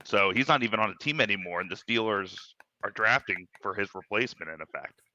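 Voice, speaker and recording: A middle-aged man co-hosting a casual live-stream chat, easygoing and measured, with dry remarks. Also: on the low side, muffled recording, background noise. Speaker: co-host.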